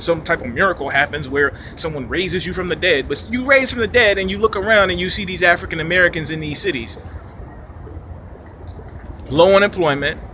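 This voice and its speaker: Bright, high-pitched and forceful, a man delivers off-the-cuff video commentary in a city park, rambling and emphatic with a preachy edge and rhetorical questions. There is a little hiss or hum.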